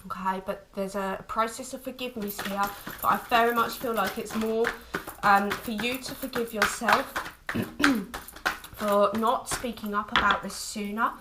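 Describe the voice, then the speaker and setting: A woman giving an intuitive tarot reading to camera, speaking tenderly and haltingly, with frequent restarts. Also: medium pitch, steady tone, heavy background noise. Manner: tender, calls listener "my lovely"; halting, many restarts and fillers. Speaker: tarot reader.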